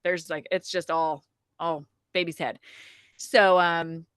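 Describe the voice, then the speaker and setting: A woman telling a personal story in a casual podcast conversation, chatty and animated, with plenty of "like" and "um". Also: fairly low pitch, takes it slowly, clean tone, no echo, clean studio sound. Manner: chatty, frequent "like" and "um" fillers, animated retelling. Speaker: podcast guest telling her birth story.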